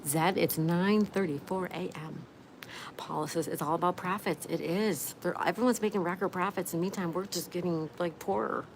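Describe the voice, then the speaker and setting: A woman's voice: on the low side, moderate pace, a little hiss or hum. A middle-aged woman hosting a casual livestream, reading out viewer comments in a chatty, friendly way. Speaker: livestream host.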